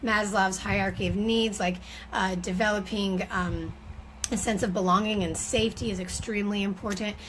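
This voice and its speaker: A woman's voice: mid-range voice, steady tone, moderate pace, fairly bright tone, slight background noise, poor audio. A woman giving an informal teaching talk on parenting, speaking conversationally with frequent fillers and restarts.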